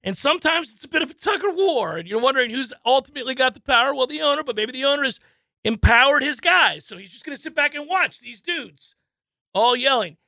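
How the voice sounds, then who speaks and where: Sports talk co-host, male, high bright voice, animated storyteller acting out voices, dry studio sound. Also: fast talker, vocal fry, no echo. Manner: animated storyteller, acts out voices, laughs often.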